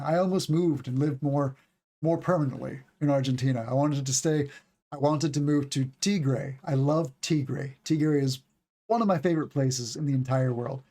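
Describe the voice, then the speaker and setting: A man's voice: medium pitch, warm tone. An American man in his forties hosts a live English lesson, chatting loosely between answers to viewer questions. He wanders off topic easily and keeps repeating single words to demonstrate how they should sound. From United States. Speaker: English teacher.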